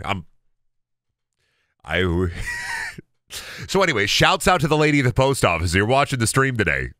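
A man's voice: mid-range voice, very animated, normal speed, pauses often, sharp tone, no echo, clean studio sound. A man in his thirties chatting casually on a gaming stream, telling rambling stories full of stammers, restarts and bursts of laughter. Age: 30s.

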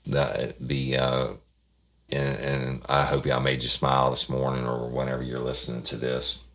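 Male host, very low and gravelly, loose rambling chat. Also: monotone, normal speed, fairly bright tone. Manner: rambling, many restarts. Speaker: podcast host. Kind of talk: casual chat.

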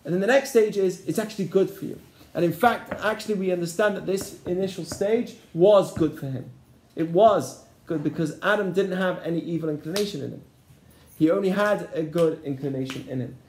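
High-voiced rabbi teaching a class. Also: male voice, a little fast, a little mellow, slight background noise. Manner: keeps checking in with the class. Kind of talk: interactive Torah lesson. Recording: echoey room.

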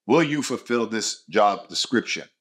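A man's voice: lowish voice, animated, unhurried, a bit bright, slightly rough. A man hosting a motivational podcast, talking bluntly and with lots of swearing, hammering his points home with short repeated phrases. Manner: blunt, profane and emphatic. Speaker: podcast host.

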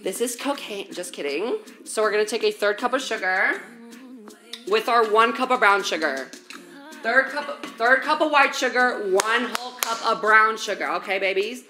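A woman's voice: fairly high pitch, normal speed, sharp tone. A young woman streaming while she bakes, chatting in slangy, profane valley-girl talk straight to her viewers from a home kitchen. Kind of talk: casual baking livestream chat.

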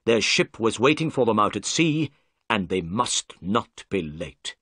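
A man voicing a confident, clever detective in a read-aloud story, brisk and commanding. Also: lowish voice, big pitch swings, a bit bright, breathy edge, no room sound, clean studio sound, exaggerated voice. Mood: explaining.

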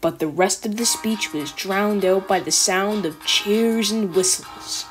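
A woman narrating a children's storybook with calm, even storytelling. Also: medium pitch, measured pace. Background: background music.

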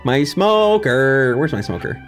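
A man's voice: mid-range voice, big pitch swings, measured pace. A man giving live let's-play commentary, playful and full of silly sound-effect noises while he chats to the game characters. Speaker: gaming video creator. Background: game background music.

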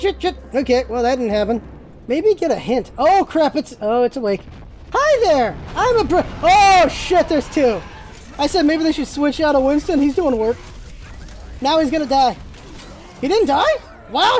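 A high-voiced gamer commentating their own play, with a pitch that swings wildly between calm asides and sudden yelps. They swear freely when things go wrong and fire off the same word over and over in bursts. Faint game music plays underneath. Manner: excitable, yelps and repeats words in bursts. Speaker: let's play host. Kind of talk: excited gameplay commentary.

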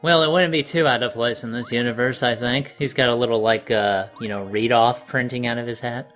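A man's voice: medium pitch, fairly even intonation, brisk, a bit bright, soft background music. A man in casual gaming chat with wry, self-deprecating humor, commentating a puzzle game. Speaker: let's play commentator.

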